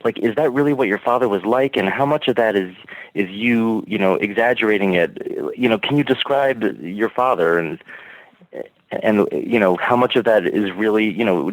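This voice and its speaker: A man's voice: fairly low pitch, moderate pace, no room sound, low-quality recording. A man calling in to a podcast, chatty and eager, asking long questions full of fillers. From Alexandria, Virginia, USA. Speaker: caller. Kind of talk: casual call-in chat.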